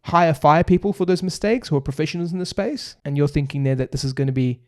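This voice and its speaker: Aussie guy rattling off property tips on a podcast, emphatic, fast. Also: on the high side. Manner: emphatic, lists points in quick runs. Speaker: buyer's agency founder, guest. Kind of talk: fast explanatory podcast talk.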